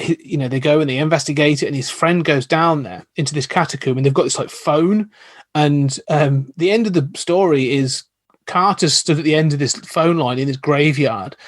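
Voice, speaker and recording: A man with a slightly high voice chats as a podcast guest, enthusiastic and rambling as he tells a story. The sound is dry and close, with no room around it. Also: dry recording. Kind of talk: casual chat.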